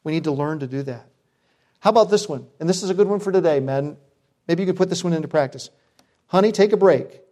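A man's voice: a little high, fast, mellow. A middle-aged man preaching a sermon as pastor, earnest, with self-deprecating humor.

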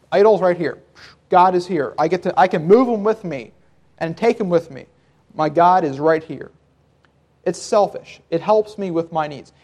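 A man's voice: high voice, darkish tone. A man preaching a sermon in a conversational teaching style, laughing now and then. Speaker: pastor.

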